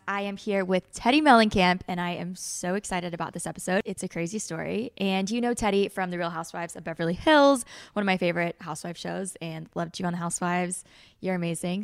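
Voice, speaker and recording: A woman hosts a podcast with an upbeat manner and short, encouraging replies. Her voice has a gravelly edge. The sound is dry and close. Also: medium pitch, dry recording. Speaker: podcast host. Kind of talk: casual interview.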